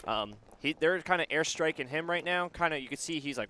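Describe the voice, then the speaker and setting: A man's voice: on the high side, expressive, a little fast, sharp tone. A man commentating a live paintball match in a casual, joking way, with ums, his voice a little worn. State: losing his voice.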